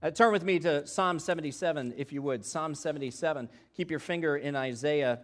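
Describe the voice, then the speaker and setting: A man preaching a sermon who moves from hushed, low passages to loud, emphatic ones and voices the doubts of biblical figures. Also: a little fast. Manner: acts out the voices of doubters in scripture. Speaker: pastor.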